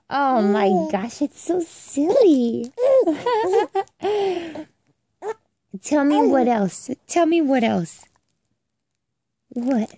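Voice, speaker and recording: A woman's voice: high-pitched, noisy background. A young mother cooing to her baby in playful, amazed baby talk.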